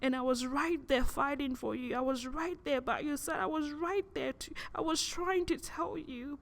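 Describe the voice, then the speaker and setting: The gentle voice of God, soft and caring, speaking tenderly and repeating itself, pitched fairly high, as a woman puts it on. It pleads with warmth rather than command.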